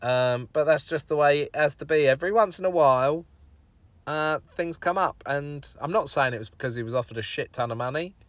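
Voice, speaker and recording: A man's voice: a little high, brisk, a bit bright, no echo. Rambling man hosting solo. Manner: rambling, self-deprecating, sweary. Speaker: podcast host. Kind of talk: casual solo podcast chat.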